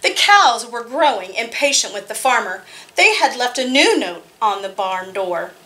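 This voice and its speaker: A woman librarian leading a storytime for small children, reading aloud with an animated, exaggerated sing-song delivery. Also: a little high, normal speed, slight background noise. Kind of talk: storytime reading and singing for kids.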